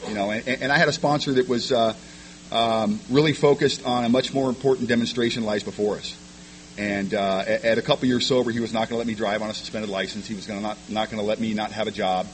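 A man's voice: fairly low pitch, fairly even intonation, slight background noise, low-quality recording. A man sharing his personal recovery story with a meeting, frank and self-deprecating, often stumbling over repeated words. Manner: rapid, stumbling repetitions of words.

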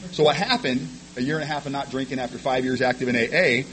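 A man speaks to a meeting about his own recovery, his words tumbling out quickly and often doubling back on themselves. His tone is frank and self-mocking, pitched in an ordinary middle register. A faint hum sits under the voice. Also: fairly even intonation, fairly bright tone, rough recording. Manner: rapid, stumbling repetitions of words. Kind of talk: personal testimony to a meeting.

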